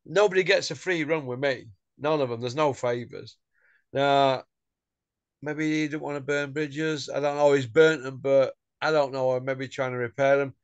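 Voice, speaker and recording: A man's voice: mid-range voice, steady tone, normal speed, clean tone, no room sound, muffled recording. Blunt man, dry close sound. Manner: blunt, chatty, rhetorical tag questions. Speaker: channel host. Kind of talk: casual chat.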